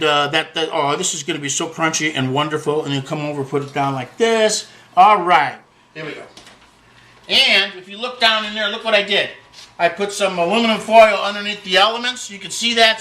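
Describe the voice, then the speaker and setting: A man's voice: high-pitched, sharp tone. A man hosting a home cooking demonstration, talking in a folksy, joking way and dropping Italian words. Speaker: cooking show host. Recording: echoey room with faint guitar music.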